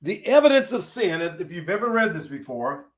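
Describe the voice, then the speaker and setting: A man's voice: sits high, sing-song, a little fast. A man teaching a Bible study in a folksy, preachy way, acting out quoted dialogue.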